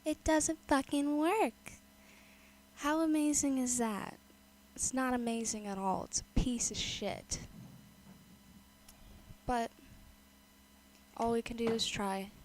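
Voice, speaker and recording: A woman speaking on a livestream, sarcastic and exasperated. Her voice sits fairly high, with a faint hum in the background. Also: steady tone, slow, pauses often, a little mellow, poor audio. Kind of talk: livestream commentary.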